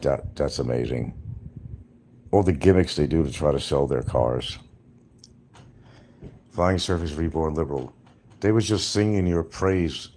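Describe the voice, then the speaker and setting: A man's voice: extremely low pitch, warm tone, slight background noise. A man from New York rambling casually to his livestream viewers, chatting straight to them.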